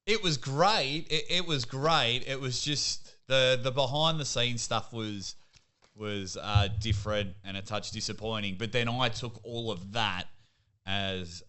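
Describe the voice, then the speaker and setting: A young Australian man, a sports commentator, chatting casually as a podcast guest and telling lively stories. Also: medium pitch, measured pace. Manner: lively storyteller, laughs at himself. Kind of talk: casual interview chat.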